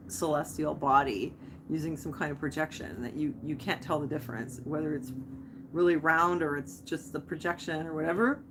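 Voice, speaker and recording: A woman's voice: sits low, background noise. A young woman hosting a live stream, chatting casually, rambling off on tangents and answering viewer comments.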